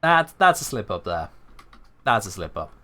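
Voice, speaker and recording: A British man streaming a game, giving chatty, animated live commentary. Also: on the low side, normal speed. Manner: chatty, animated, self-correcting.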